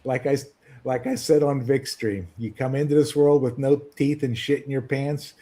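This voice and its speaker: A man's voice: medium pitch, steady tone, moderate pace, mellow. An older man in a casual chat, cracking crude jokes and laughing at his own punchlines.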